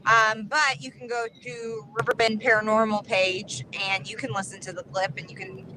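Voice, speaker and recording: A bright, fairly high-voiced woman tells stories with animated energy. She is a paranormal investigator guest chatting casually. Faint road noise runs under her voice. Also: poor audio. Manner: animated storyteller, quick bursts. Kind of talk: casual chat.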